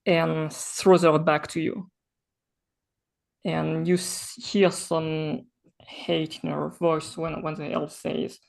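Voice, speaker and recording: Game master, slow and halting, gravelly low voice. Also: male voice. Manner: hesitant, full of ums and restarts. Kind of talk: running a tabletop game online.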